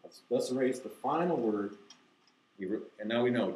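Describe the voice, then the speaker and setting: A man explaining to teachers how to teach a verse to children, acting out slow, deliberate recitation. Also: medium pitch, animated, roomy sound, poor audio. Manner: demonstrates, reciting key phrases slowly and deliberately. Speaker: Bible teacher. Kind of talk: instructional talk to teachers.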